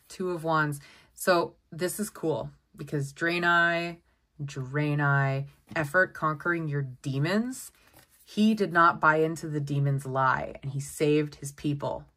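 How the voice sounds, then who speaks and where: A woman giving a casual tarot deck walkthrough, chatty and excitable, often exclaiming over the cards. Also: low voice, takes it slowly. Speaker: tarot content creator.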